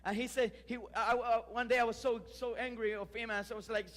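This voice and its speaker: A male pastor, preaching a lively sermon full of restarts and emphatic rises. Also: very high voice, quick pace, in a large hall. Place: church sanctuary.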